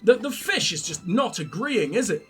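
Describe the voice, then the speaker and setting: A man hosting a let's play and commenting on the game in a sarcastic, sweary, excitable way. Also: high voice, normal speed, soft background music. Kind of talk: gameplay commentary.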